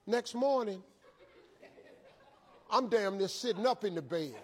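A man telling an animated, colloquial motivational story with lots of repetition. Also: sits high, a little slow, long pauses, crowd noise.

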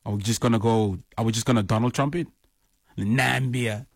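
A man's voice: fairly low pitch, racing, darkish tone, no room sound, clean studio sound. A man from Namibia, chatting casually about football and teasing with mock-exasperated rhetorical questions. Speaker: football fan vlogger. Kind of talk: casual commentary to camera.

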